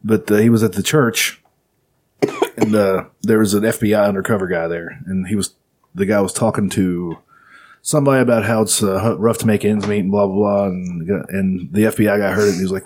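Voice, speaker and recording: A man's voice: fairly low pitch, brisk, darkish tone. A man casually retelling a story to friends, rambling with lots of fillers and swearing. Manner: rambling, profane, filler-heavy.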